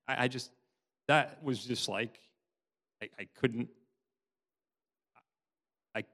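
A middle-aged man giving a tearful, halting personal testimony in church. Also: mid-range voice, a bit bright. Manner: halting, many restarts, laughs often. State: tearful, sobbing at times. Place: church hall. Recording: long hall reverb.

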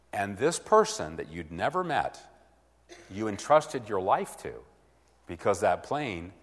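A man's voice: on the low side, big-room sound. A man preaching a teaching sermon, acting out both sides of a conversation.

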